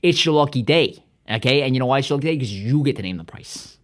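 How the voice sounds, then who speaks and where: A man voicing a smooth, evasive male car salesman who talks in a slow, coaxing drawl. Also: medium pitch, lively intonation, close to an everyday voice.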